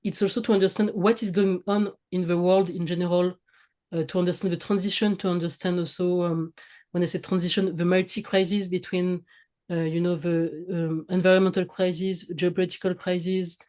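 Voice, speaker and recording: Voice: medium pitch, little pitch movement, brisk, darkish tone. French-accented guest on a video call. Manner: hesitant, many fillers and restarts. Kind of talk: casual advice in a video interview.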